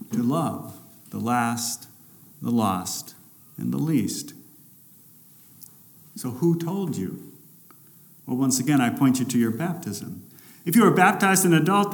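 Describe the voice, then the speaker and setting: A male pastor preaching a sermon, swinging between loud, emphatic lines and hushed, drawn-out ones. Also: medium pitch, creaky. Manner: dramatic shifts between loud and hushed delivery.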